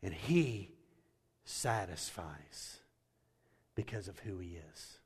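A male pastor preaching a sermon, swinging from loud and soaring to hushed and slow. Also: deep voice, expressive, husky. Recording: long hall reverb.

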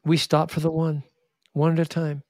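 A man telling stories in an interview in an animated way, often restarting and acting out the people he quotes. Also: a little high, moderate pace, dry recording, clean studio sound. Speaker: charity founder and guest. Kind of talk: interview storytelling.

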